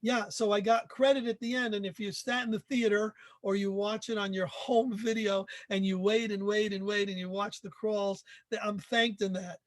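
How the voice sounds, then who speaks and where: High-pitched man in his sixties, dry mic. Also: level tone, normal speed, few pauses, no room sound. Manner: eager, self-deprecating storyteller. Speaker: podcast guest, author. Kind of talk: casual interview chat.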